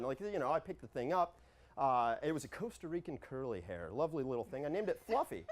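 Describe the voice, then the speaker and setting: Guy telling a funny story on stage, voice jumps all over, rambly and animated. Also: fairly high pitch, fairly quick. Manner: rambling, animated, quotes himself in lively voices. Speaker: improv storyteller. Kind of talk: comic storytelling monologue.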